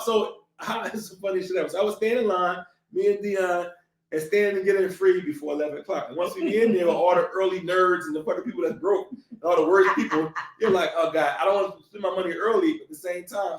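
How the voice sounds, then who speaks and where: A man's voice: sits high, quick pace. A man from Philadelphia hosting a podcast, telling stories in casual chat with lots of swearing and laughter. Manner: animated, profane, laughing storyteller. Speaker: podcast host. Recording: roomy echoey room.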